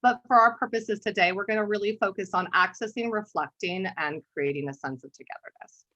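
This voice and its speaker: A woman art therapist giving a conversational webinar talk, telling a story and often clearing her throat. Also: medium pitch, brisk, bright, forceful tone. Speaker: art therapist and workshop presenter. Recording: dull lo-fi webinar audio.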